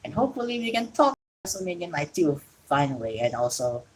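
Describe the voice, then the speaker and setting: A woman's voice: lowish voice, very animated, a little fast, a little mellow, slight background noise, rough recording. A woman from Indonesia, an English speaker, hosting a casual solo wrestling talk show from home and rambling with frequent self-corrections. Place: home during rain.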